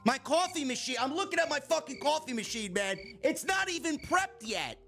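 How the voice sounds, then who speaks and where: A man with a New York accent, host of a wrestling review show, ranting in a loud, profane, mock-annoyed way and shouting at times. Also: very high-pitched, lively intonation, moderate pace, gravelly. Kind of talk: profane comedic rant.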